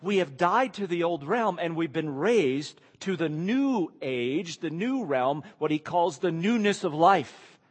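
A man's voice: fairly high pitch, animated, unhurried, few pauses. Guy giving a sermon, asks the room questions, leans on key words, long echo off the hall. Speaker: preacher.

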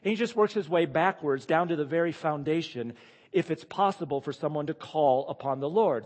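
A man preaching a sermon and reading scripture aloud. He is emphatic and swings between loud declarations and hushed asides. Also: fairly high pitch, fairly quick, in a large hall.

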